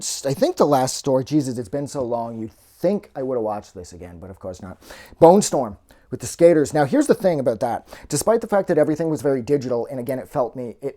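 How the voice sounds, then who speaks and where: A man's voice: mid-range voice, mellow. A man giving a casual spoken movie review, rambling and heavily profane, with loose phrasing full of fillers and restarts.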